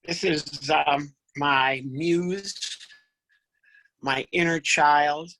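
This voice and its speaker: Friendly ventriloquist guy joking around, bright voice. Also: a little high, steady tone, extremely slow, slight background noise, poor audio. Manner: affable, joking. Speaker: ventriloquist guest. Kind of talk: casual chat.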